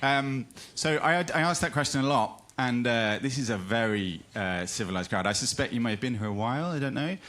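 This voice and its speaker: A man's voice: mid-range voice, a little fast, hardly any pauses, a bit bright. Chatty British man giving a live talk. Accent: British English. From Britain. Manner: chatty, self-deprecating, many fillers and restarts. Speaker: speaker. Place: room with a live audience.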